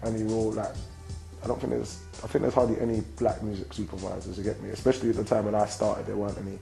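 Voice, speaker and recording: A young London man in his twenties answers interview questions in a loose, slang-heavy flow, with a low, mellow voice. There is a gravelly fry to his tone. Faint music plays behind him. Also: little pitch movement, quick pace, low-quality recording. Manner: slang-heavy, constant "you get me" tags. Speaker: rapper and actor being interviewed.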